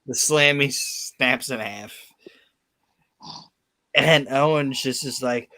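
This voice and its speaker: A man's voice: medium pitch, slow pace, sharp tone, no echo. Profane, emphatic male podcast host. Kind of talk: casual chat.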